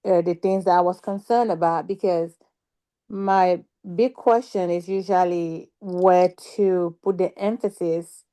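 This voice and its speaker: A woman's voice: fairly low pitch, steady tone, a little slow, warm tone, smooth. Hesitant woman learner asking a question. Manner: hesitant, searching for words. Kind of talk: casual question to a teacher.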